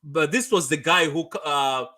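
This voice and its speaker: Man, young adult, fan stream host, casual reaction chat, bright tense tone, fairly high voice. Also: measured pace. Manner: chatty, repeats phrases, laughs often, reads comments aloud.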